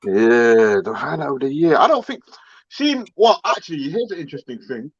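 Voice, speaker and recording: A man on a live online panel show who jokes and laughs his way through the banter. His pitch swings in a lively way and sits a little high. His voice comes through a dull, dry call line. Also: normal speed, breathy edge, dry recording. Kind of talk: casual live-stream chat.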